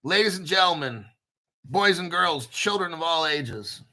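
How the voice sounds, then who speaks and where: Man, host, high voice, unhurried, brash profane hype, casual commentary. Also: lively intonation, pushed and bright. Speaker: crypto show host.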